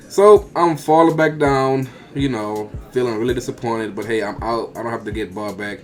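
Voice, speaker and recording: A man's voice: lowish voice, moderate pace, few pauses, faint music behind. A man giving a casual, rambling voice-over that talks through his own gameplay clips play by play, with slang. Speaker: gaming video creator.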